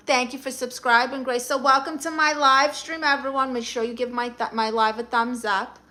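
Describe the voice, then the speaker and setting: A woman's voice: a little high, steady tone, normal speed, sharp tone. A middle-aged woman with a Brooklyn accent, hosting a live stream and reading chat comments aloud with blunt, sassy comebacks.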